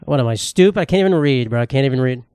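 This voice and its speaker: A man's voice: medium pitch, lively intonation, very fast, darkish tone, clear, resonant tone, dry recording, clean studio sound. A young man, hosting a solo comedy podcast in a profane, sarcastic, rambling rant. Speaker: podcast host.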